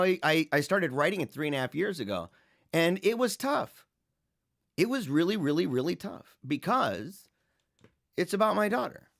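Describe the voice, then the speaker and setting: A man hosting a casual livestream show, his voice sitting a bit higher than most men's. He rambles with restarts and little chuckles, jumping from loud, lively bursts to quiet asides. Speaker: host.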